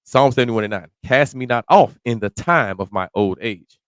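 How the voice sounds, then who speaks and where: A man preaching verse by verse, reading scripture slowly and then explaining it in casual slang, sometimes rising to a shout. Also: mid-range voice, dry recording. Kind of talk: verse-by-verse sermon.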